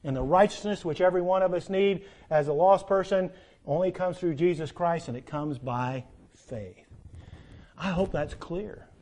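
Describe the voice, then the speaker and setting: Emphatic preacher, voice rising and falling. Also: male voice, normal speed. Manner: rising to loud emphatic peaks, then dropping low and quiet; quotes scripture in old-fashioned wording. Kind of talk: sermon.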